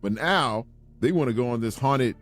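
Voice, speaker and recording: A man's voice: medium pitch, animated, normal speed, faint music behind. A man co-hosting a podcast, bantering bluntly and jokingly with casual swearing. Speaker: podcast co-host.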